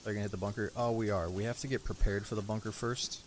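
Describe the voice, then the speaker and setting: A man's voice: lowish voice, steady tone, fast, a little hiss or hum. A man streaming a game live, chatting casually with viewers and a teammate in an easygoing, rambling way. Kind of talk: casual live-stream chat while playing.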